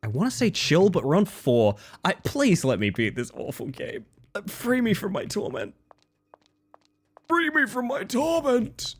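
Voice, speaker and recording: A man's voice: on the high side, wildly swooping pitch, moderate pace, creaky, slightly rough, faint music behind. An Australian man streaming a game, chatting casually with his viewers and often breaking off and restarting his sentences. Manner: rambling, self-interrupting, casual swearing. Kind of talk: casual live-stream chat.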